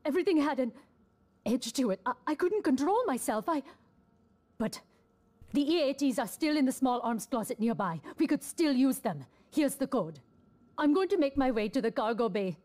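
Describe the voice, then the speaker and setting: Rattled game crewwoman, kinda high but mellow, halting and wry. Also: animated. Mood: shaken. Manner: rattled, halting, then wryly loyal. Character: shaken young woman crew member on a space station. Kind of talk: video game dialogue.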